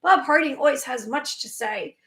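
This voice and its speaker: A high-voiced woman talks straight to her live viewers. She sounds emphatic and chatty, and now and then she restarts a word before carrying on. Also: normal speed, fairly bright tone. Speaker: spiritual channel host. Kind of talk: live-stream monologue.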